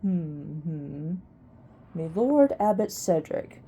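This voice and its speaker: A woman voicing an ancient, wise old male mouse archivist who mutters in a squeaky near-whisper. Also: animated, very slow, dark tone, a little hiss or hum, full character voice. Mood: muttering.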